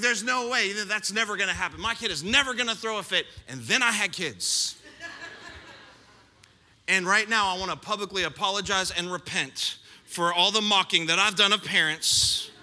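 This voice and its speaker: A middle-aged male pastor with a high, very bright voice delivers a sermon in a large church hall. He tells stories with animated, playful self-mockery. His voice carries a long reverb through the room. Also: normal speed, pauses often. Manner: animated storyteller, playful self-mocking asides.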